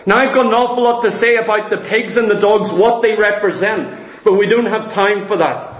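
A man's voice: high-pitched, a little fast, echoey room, rough recording. A man preaching a sermon, emphatic, asking and answering his own rhetorical questions.

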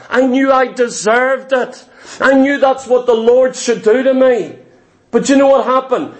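A man preaching a fervent, confessional testimony in a sermon, repeating key phrases for emphasis. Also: extremely high pitch.

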